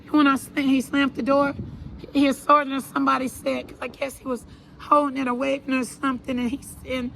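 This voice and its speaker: A woman telling her own story to an interviewer in an earnest, halting way, repeating herself and restarting her sentences. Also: high voice, flat delivery, creaky, fairly bright tone, slight background noise, low-quality recording. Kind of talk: personal account in an interview.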